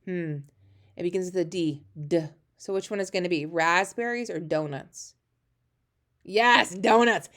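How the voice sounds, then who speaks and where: Encouraging woman teaching young readers. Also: on the high side. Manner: encouraging, animated, slow when reading aloud. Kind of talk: early reading lesson for young children.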